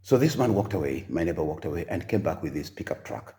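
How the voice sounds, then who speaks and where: An older man with a Kenyan accent telling his own life story in a halting, soft-spoken way, with many pauses and fillers. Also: extremely low pitch, sing-song.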